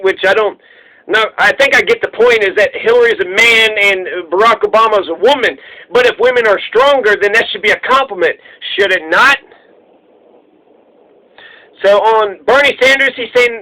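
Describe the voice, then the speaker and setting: A man's voice: very high-pitched, sharp tone, rough recording. A man ranting in profane, sarcastic political commentary as host of his own show.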